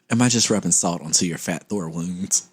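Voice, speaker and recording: Lower-voiced, playful man. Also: husky. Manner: laughing, playful storytelling. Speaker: podcast co-host. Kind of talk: casual comedic chat.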